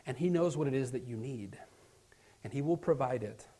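A male pastor preaching a sermon, swinging between loud emphatic passages and hushed near-whispers, and reading scripture in a slow, declaiming cadence. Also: mid-range voice, slightly rough.

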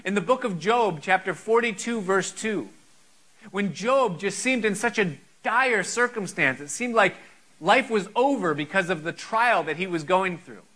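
A man's voice: high voice, expressive, measured pace, bright, forceful tone, low-quality recording. A man preaching a sermon, earnest and full of rhetorical questions.

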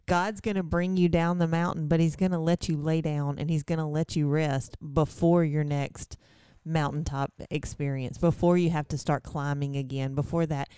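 A woman's voice: low-pitched, little pitch movement, normal speed, mellow, clear, resonant tone, dry recording, studio quality. A woman co-hosting with her pastor husband, chatting casually and reflectively. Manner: chatty, reflective, many restarts. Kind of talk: casual chat.

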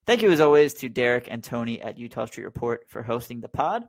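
A man hosts a casual sports podcast, relaxed and easygoing as he rounds things off. His voice sounds dry and close, with no room around it. His pitch is medium for a man. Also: quick pace, creaky, dry recording. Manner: easygoing, brings the show to a close. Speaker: podcast host.

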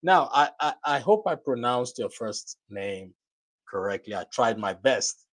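A man's voice: medium pitch, expressive, unhurried. A man with a Nigerian accent hosting a motivational podcast, enthusiastic, with preacherly build-ups. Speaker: podcast host.

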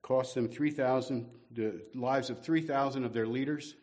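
A man's voice: mid-range voice, steady tone, moderate pace, a little mellow. A man preaching a sermon to his congregation in a conversational way, with rhetorical questions and self-deprecating humor. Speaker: guest preacher.

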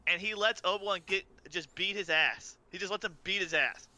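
A man's voice: high voice, a little fast, sharp tone. A man in casual debate, hesitant and stubborn, often restarting his sentences.

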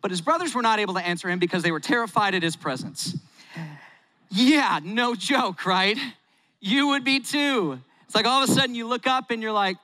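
A man delivers a sermon, telling the story with lively, animated delivery and acting out the quotes. His voice sits high and bright. It rings out with the long reverb of a large hall. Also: fairly quick. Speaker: pastor.

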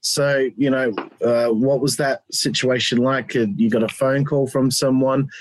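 A man's voice: medium pitch, steady tone, unhurried, dry recording, low-quality recording. Chatty male interviewer, dry sound. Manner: conversational, many fillers, detailed questions. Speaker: interviewer, podcast host. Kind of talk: casual interview.

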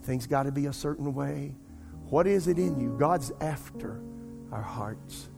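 A middle-aged man, a pastor preaching a sermon and telling a personal story in an animated way. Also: mid-range voice, a little slow, vocal fry, music in the background. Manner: animated storytelling, addresses congregation as "y'all".

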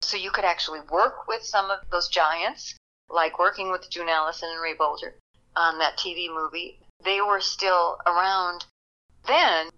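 An older actress reminiscing in an interview, animated and quick to laugh. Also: female voice, on the low side, dull audio. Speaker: actress guest. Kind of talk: interview storytelling.

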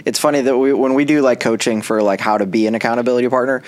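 A man who is a pastor hosting a podcast, talking in a relaxed conversation with lots of fillers and restarts. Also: medium pitch, racing. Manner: chatty, with many fillers and restarts. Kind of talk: casual faith podcast conversation.

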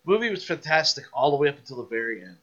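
A man's voice: fairly high pitch, sing-song, rapid-fire, fairly bright tone. A man hosting a podcast, chatting casually and reacting with easygoing remarks. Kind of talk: casual chat. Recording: muffled lo-fi podcast audio.

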